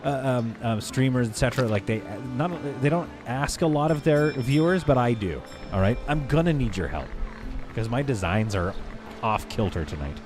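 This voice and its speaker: Lively, joking male game streamer. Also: medium pitch, over music. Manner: rambling and joking, chatting with viewers; halting, self-correcting stabs at French. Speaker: live streamer. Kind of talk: casual live-stream chat while playing.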